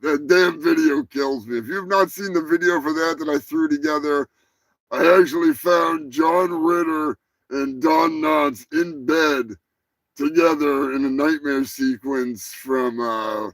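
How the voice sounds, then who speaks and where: A man's voice: fairly high pitch, a bit bright, dry recording. Crude rambling male stream host. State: high. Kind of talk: casual live-stream sign-off.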